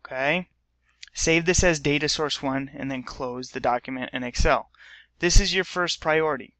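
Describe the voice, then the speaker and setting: A male high school teacher talks his students through a recorded computer lesson with a bright, forceful voice pitched a little high. He sounds dry and close to the mic, upbeat, and keeps checking in with "okay?". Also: normal speed, no room sound. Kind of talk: recorded lesson for a substitute class.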